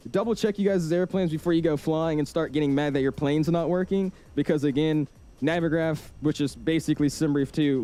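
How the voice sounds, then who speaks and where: A man's voice: medium pitch, mellow, clear, resonant tone. A man hosting a casual live stream, chatting while setting up a flight and greeting viewers one by one, with many fillers.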